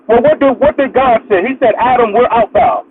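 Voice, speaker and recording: A man's voice: extremely high pitch, a little fast, narrow, tinny audio, a crowd in the background. A man giving an impassioned, preachy talk full of repeated rhetorical build-ups on a live audio chat.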